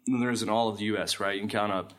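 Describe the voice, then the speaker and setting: A man's voice: on the low side, steady tone, very fast, a bit bright. A man hosting a casual podcast chat, talking emphatically and swearing freely.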